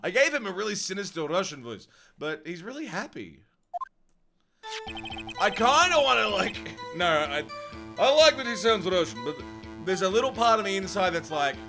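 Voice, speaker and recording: A male streamer with a high, lively voice chats through a live game playthrough. He is chatty and laughs easily. Game music plays behind him. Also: normal speed, vocal fry.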